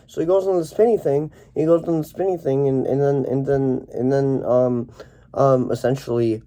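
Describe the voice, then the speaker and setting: A young man rambling through a deadpan parody movie review, full of halting restarts and fillers. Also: mid-range voice. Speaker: comedic reviewer.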